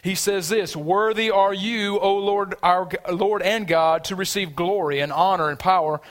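A man's voice: high-pitched, fairly even intonation, moderate pace. A man preaching a sermon in a church, conversational and emphatic, drawing the congregation in with questions. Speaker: pastor. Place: church sanctuary.

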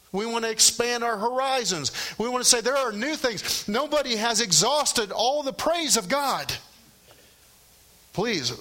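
A man's voice: high-pitched, sharp tone. A middle-aged male pastor preaching a sermon in a conversational way, often checking in with rhetorical questions.

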